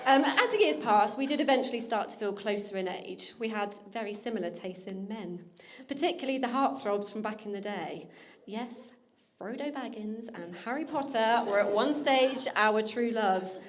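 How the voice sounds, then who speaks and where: Woman, bride's big sister, giving a wedding toast, laughing a lot, fairly high voice. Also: moderate pace, crowd noise. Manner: warm teasing, laughing often, getting emotional. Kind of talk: wedding speech. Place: wedding reception hall.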